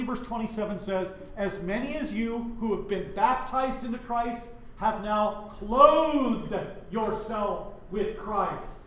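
The middle-aged Wyoming pastor's high voice reverberates through the church as he teaches Bible study. He stays animated, repeatedly questioning his listeners.

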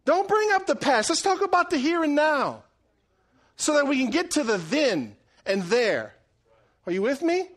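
A middle-aged man preaching a sermon, animated and joking, swinging between loud and hushed delivery. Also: very high-pitched, moderate pace. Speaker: pastor.

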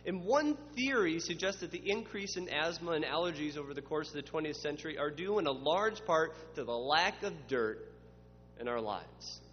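A pastor preaches in an expressive, somewhat high voice at normal speed, using dramatic voices for quoted questioners and building to emphatic spoken lists. The recording is muffled, with long reverb and a faint hum.

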